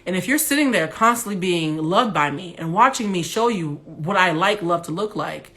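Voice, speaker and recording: A young adult woman with a big, loud voice, hosting a candid livestream monologue on her phone, blunt and animated, with some profanity. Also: fairly low pitch, normal speed. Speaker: Instagram Live host.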